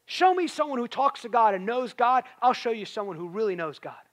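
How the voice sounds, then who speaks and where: A man's voice: extremely high pitch, lively intonation, a little fast, a bit bright. A man preaching a sermon in a conversational way, rising to emphatic peaks.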